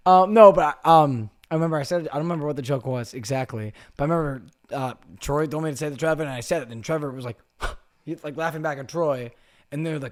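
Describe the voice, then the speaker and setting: A man's voice: a little high, fast talker. A young man guesting on a podcast, telling stories in casual chat, swearing a lot and acting out quotes in different voices.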